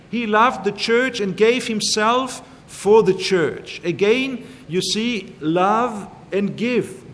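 A man preaching a sermon in a measured, emphatic way, slowly repeating his key phrases. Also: sits high, a bit bright, slight background noise. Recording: long hall reverb.

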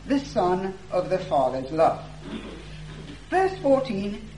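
A man preaching an expository sermon, reading scripture aloud slowly and stressing key words for emphasis. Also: high voice, very animated, darkish tone. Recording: echoey room with faint hum.

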